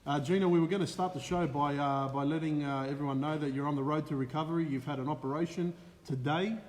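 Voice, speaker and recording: Speaking quickly in a fairly high pitch, this Australian co-host of a live racing stream is heard with a long reverb tail. He greets viewers by name in a lively rush, leaning heavily on "uh" fillers.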